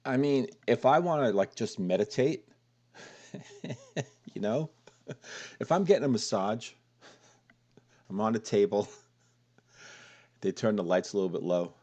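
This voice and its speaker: Man, low voice, relaxed awed music reaction, soft laughs. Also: measured pace, long pauses. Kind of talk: casual reaction commentary.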